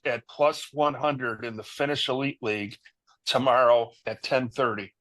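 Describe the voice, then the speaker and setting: Dude on a betting podcast, dry close sound, spells team names letter by letter. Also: male voice, medium pitch, normal speed, fairly bright tone, no echo. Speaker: podcast co-host. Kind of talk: casual sports betting chat.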